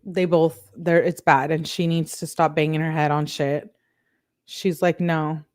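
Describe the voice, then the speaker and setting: A woman's voice: deep voice, flat delivery, measured pace, a little mellow, dry recording, clean studio sound. A woman who runs a true crime channel, reading a couple's text messages aloud and breaking in with sarcastic, laughing asides.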